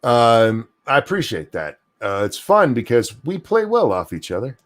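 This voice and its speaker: An older man with a mid-range voice, speaking at normal speed, hosts a casual streamed talk show. His chat is animated and profane, full of swearing and jokes at his own expense.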